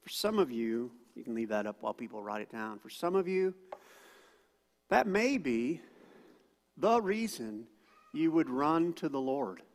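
A man preaching a sermon as pastor, animated and acting out quoted voices loudly. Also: mid-range voice, a little slow, long pauses. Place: church auditorium. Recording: long hall reverb.

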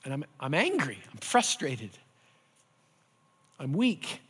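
A man preaching a sermon as pastor, earnest and building at times to animated intensity, in a church sanctuary. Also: a little high, slow, breathy edge. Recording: hall reverb.

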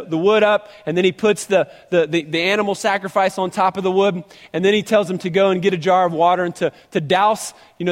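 High-voiced man preaching in a reverberant space. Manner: animated preaching, reads scripture aloud, repeats words. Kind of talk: sermon.

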